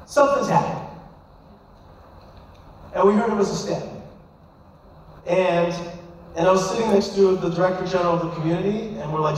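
A man's voice: sits high, steady tone, normal speed, long pauses, a little hiss or hum. A man, a rabbi, telling an emphatic, impassioned story to a live audience. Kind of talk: storytelling speech. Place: large hall. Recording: echoey hall from far off.

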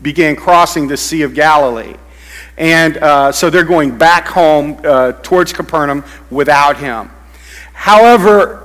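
A man's voice: on the high side, fairly bright tone, big-room sound. A man preaching a sermon, teaching in a conversational way with frequent fillers and restarts. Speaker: pastor.

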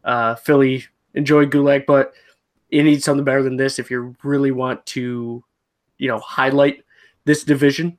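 A man's voice: mid-range voice, little pitch movement, normal speed. A man hosting a podcast, running through wrestling matches in a matter-of-fact way with frequent "uh"s. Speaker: podcast host. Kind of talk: casual wrestling review chat.

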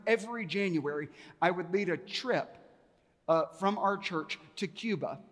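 A man preaching a sermon as pastor, telling a story with animated, rising delivery and acting out the dialogue. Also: high voice. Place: church sanctuary. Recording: long reverb of a large hall.

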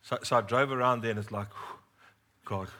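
A man's voice: mid-range voice, fairly even intonation, a little fast, pushed and bright. A middle-aged man preaching a sermon, telling a humorous personal story and talking straight to the congregation.

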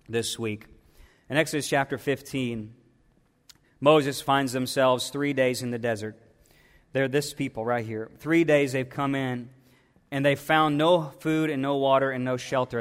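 A man's voice: mid-range voice, in a large hall. A man, a pastor, delivering an impassioned and emphatic sermon. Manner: impassioned preaching, pleading and emphatic.

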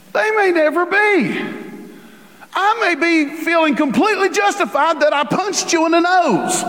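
A man preaching a sermon as a pastor, animated and acting out the voices he quotes. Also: very high voice. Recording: reverberant hall.

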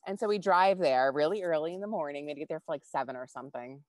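A woman co-hosting a podcast, telling a personal story in casual, animated chat and swearing freely. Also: deep voice, rapid-fire, no echo. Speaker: podcast co-host.

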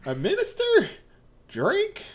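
A woman's voice: very high voice, huge pitch swings, slow, voice pushed up, exaggerated voice. A woman voicing a pampered middle-aged Southern belle with a put-on Southern accent, sugary and evasive. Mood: puzzled. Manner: sugary, genteel, feigning innocence.

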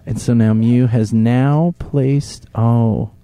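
A man hosting a casual live commentary, talking in a hushed, fond way that often drops into whispers. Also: medium pitch, fairly even intonation, slow.

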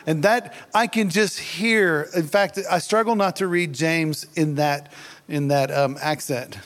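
A man preaching a sermon in a relaxed, conversational way, joking and laughing at himself. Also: a little high. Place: church hall. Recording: long hall reverb.

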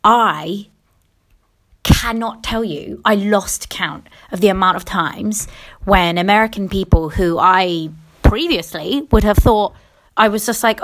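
A woman's voice: medium pitch, a bit bright. A young English woman hosting her own podcast, ranting casually with lots of swearing and restarts. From England. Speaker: podcast host. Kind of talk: casual solo podcast rant. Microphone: personal mic in a quiet room.

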